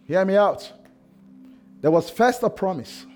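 A man preaching a sermon with passion, swinging between shouted lines and hushed, quiet ones. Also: high-pitched, animated, measured pace, faint music behind. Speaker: pastor.

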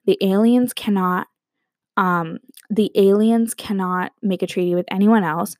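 A young woman casually telling a rambling story to her viewers, animated and quick to laugh. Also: mid-range voice, dry recording, studio quality. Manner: animated, rambling, breaks into quoted voices and laughs.

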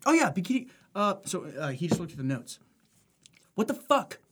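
A man's voice: a little high, very animated, fast talker, a bit bright, slightly rough. A young man co-hosting a podcast, swearing and laughing through rambling, crude stories. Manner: profane, laughing, rambling storyteller. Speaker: podcast co-host. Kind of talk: crude casual banter.

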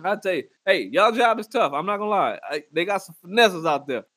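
A man, hosting a casual chat and telling profane, animated stories with mock voices. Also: sits high, fairly quick.

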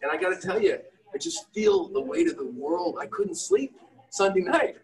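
A man's voice: high voice, normal speed, distant mic, a crowd in the background, low-quality recording. A middle-aged man, an entrepreneur and father, telling candid, self-deprecating stories and quoting himself. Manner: animated, self-deprecating, quotes himself in raised voices. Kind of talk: candid storytelling in a conversation.

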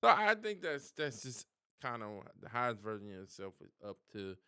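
A man's voice: medium pitch, big pitch swings, normal speed, sharp tone, smooth, no room sound, studio quality. A man co-hosting a podcast, talking in an easygoing casual chat and swearing freely. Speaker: podcast co-host.

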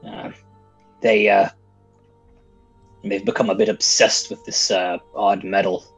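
A man playing a character in a tabletop game, speaking haltingly. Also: on the low side, very animated, vocal fry, husky, soft background music, low-quality recording. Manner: halting, hesitant. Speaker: player.

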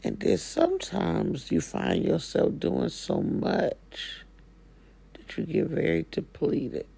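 Woman, spiritual coach, slow drawl, gravelly husky voice, living room talk. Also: sits low, huge pitch swings, warm tone. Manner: folksy, drawling, slangy Southern-style speech. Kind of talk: casual motivational talk.

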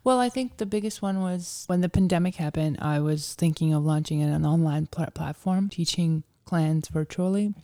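Woman guest, dark and mellow tone, casual storyteller, filler-heavy. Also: on the low side, moderate pace, hardly any pauses. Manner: chatty storyteller, heavy use of "like". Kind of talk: casual interview conversation.

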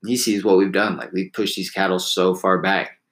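A man's voice: low-pitched, flat delivery, normal speed, fairly bright tone, rough recording. A man casually telling a long story, rambling with restarts and laughing at himself.

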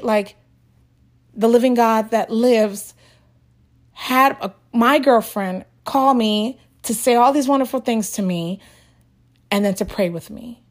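A woman with a slightly high voice tells a personal faith testimony to her viewers. She talks in an earnest, emotional way, restarting her sentences and sounding close to tears.

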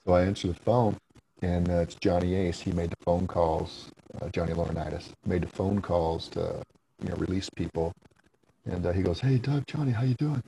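A man's voice: deep voice, little pitch movement, moderate pace, creaky, warm tone, a little hiss or hum, poor audio. A man as a podcast guest, telling stories in a laid-back, casual way, swearing freely and laughing between lines. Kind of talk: casual storytelling chat.

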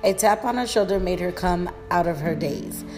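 A woman's voice: on the low side, moderate pace, a little mellow, faint music behind. A woman reading a story aloud in a plain manner, with small slips and restarts.

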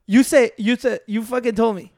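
A man's voice: extremely high pitch, steady tone, moderate pace, darkish tone, no echo, studio quality. Profane, laughing code-switching man. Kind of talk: casual chat.

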